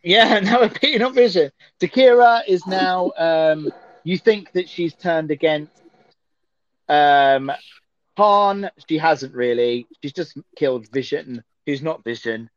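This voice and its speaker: A man's voice: fairly high pitch, slow, dry recording. A man co-hosting a casual chat while watching a film, rambling and laughing often. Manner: giggly, rambling with frequent laughs. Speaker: podcast co-host. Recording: dull, slightly muffled audio.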